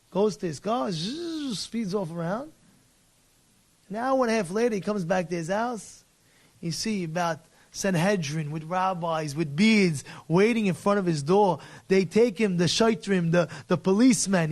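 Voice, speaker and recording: High-voiced, fiery rabbi giving a lecture. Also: male voice, normal speed. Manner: animated, mixes Hebrew and Yiddish words, acts out dialogue. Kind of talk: passionate Torah lecture.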